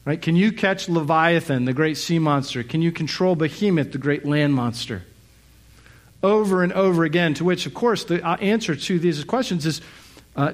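A middle-aged man preaching a Sunday sermon in a slightly higher register. He moves through reflective, searching thoughts and leans on rhetorical questions, with the odd filler between his points. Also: moderate pace. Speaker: pastor.

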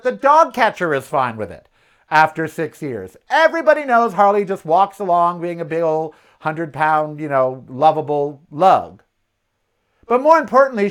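Animated gay man telling a story. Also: high-pitched. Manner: animated storytelling, acts out quoted exchanges; indignant, ranting about politics. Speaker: podcast host. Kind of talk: casual opinion monologue.

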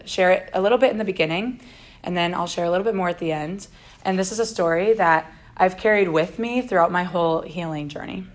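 Young woman giving a church talk, earnest, soft-spoken, lowish voice. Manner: earnest, gentle, unhurried. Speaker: guest speaker. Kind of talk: personal faith talk.

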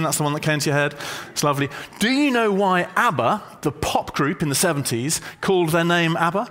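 A man preaching a sermon to a congregation, conversational and gently humorous as he explains a word. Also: a little high, fairly quick. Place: church hall with a congregation.

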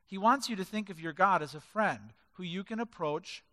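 A man's voice: high-pitched, normal speed, pushed and bright. A male pastor preaching a sermon, emphatic and driving his points home with stacked lists of words. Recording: reverberant hall.

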